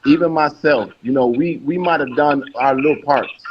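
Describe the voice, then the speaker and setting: A man's voice: fairly high pitch, normal speed. A man hosting a live stream, talking emphatically and full of praise in casual chat. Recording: muffled line with loud noise.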